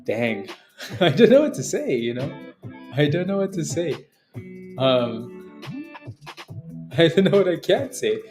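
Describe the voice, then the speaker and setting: A young man hosting a day trading livestream, emotional and laughing often, halting with many fillers as he thanks a viewer. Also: fairly high pitch, sing-song, a little mellow, faint music behind. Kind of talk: casual livestream chat.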